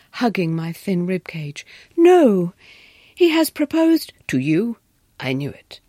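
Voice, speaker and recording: A woman's voice: medium pitch, a little mellow, no room sound, studio quality. A woman narrating a story expressively, often dropping into a whisper.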